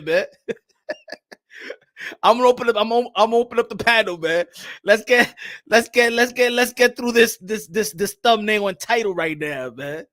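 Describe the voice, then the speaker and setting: A man hosts a boxing talk stream in loose, animated chat. He laughs often and drifts in and out of Spanish. His voice sits high and bright, with a forceful edge. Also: normal speed, no echo, studio quality. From New York City. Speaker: boxing channel host. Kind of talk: casual live-stream chat.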